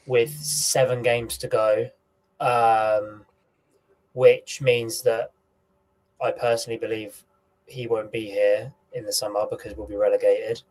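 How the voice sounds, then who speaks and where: A man's voice: mid-range voice, rough recording. A man on a football fan panel, gloomy and hesitant, full of ums. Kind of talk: casual fan show chat.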